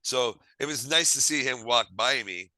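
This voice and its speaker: A man telling stories in a casual chat, lively and acting out the dialogue. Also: mid-range voice, normal speed, dry recording, low-quality recording. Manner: lively, acts out quoted dialogue; self-described quirky. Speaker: podcast host. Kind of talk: casual storytelling.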